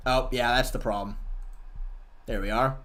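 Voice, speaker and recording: A man's voice: mid-range voice, fairly even intonation, normal speed, a bit bright. A man hosting a livestream, chatting casually and argumentatively with viewers and swearing freely. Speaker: livestream host.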